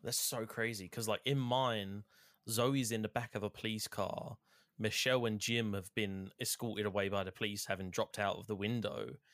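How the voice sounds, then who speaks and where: A man with a fairly low voice retells video game scenes in a loose, rambling way, quoting the characters as he goes. The recording is dry and close, with no room sound. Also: fairly even intonation, moderate pace, a bit bright, no room sound. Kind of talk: casual chat recapping a video game.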